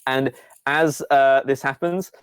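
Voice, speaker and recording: A man's voice: mid-range voice, steady tone, takes it slowly, a little hiss or hum. A man narrating a tabletop game as game master, with a rambling, playful delivery full of fillers.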